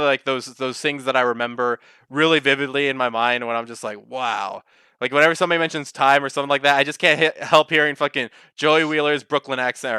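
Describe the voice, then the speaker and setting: A young man co-hosting a casual podcast chat, animated and swearing, breaking into excited mock voices. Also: mid-range voice, clear, resonant tone, no room sound, studio quality. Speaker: podcast co-host.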